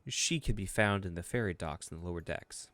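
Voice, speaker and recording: A man voicing a proper English gentleman naval commander with a measured, formal delivery, reading game dialogue. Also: low voice, no room sound.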